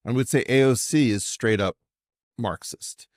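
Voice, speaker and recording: As a guest on a conversational podcast, a man takes an assertive, professorial stance, pressing his host with pointed questions. His medium-pitched voice is unhurried, and the studio sound is clean with no echo.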